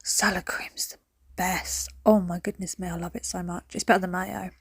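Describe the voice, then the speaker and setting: A woman's voice: fairly low pitch, level tone, normal speed, a bit bright, breathy edge, dry recording, studio quality. A woman, chatting through a cleaning vlog at home, rambling between stories and sudden whispered asides. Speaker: cleaning vlogger. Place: at home, indoors.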